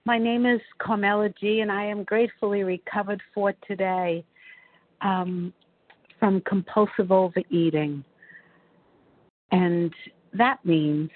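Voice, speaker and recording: Slow older New York woman on a phone line. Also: medium pitch, fairly even intonation, no echo. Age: 70s. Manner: slow, measured, earnest storytelling. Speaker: recovery meeting speaker. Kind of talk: personal testimony.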